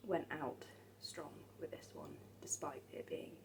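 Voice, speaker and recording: A woman talking casually about old horror films, soft-spoken and hesitant, with many pauses and restarts. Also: sits low, vocal fry, noisy background. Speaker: film vlogger.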